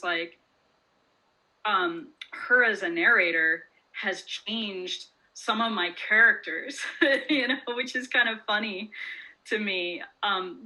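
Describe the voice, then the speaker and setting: A woman's voice: mid-range voice, sharp tone, rough recording. A woman author chatting in an interview, casual and talkative, with frequent "like" and "um" and easy laughter. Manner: chatty, lots of "like" and "um", laughs often. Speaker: author guest.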